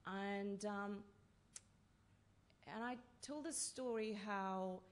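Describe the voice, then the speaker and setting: A woman tells anecdotes on a writers' festival panel. Her delivery is halting, with many fillers and restarts as she gathers her thoughts. Her voice sits at a middling pitch for a woman. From Russia. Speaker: playwright on a panel. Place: festival talk session in a hall.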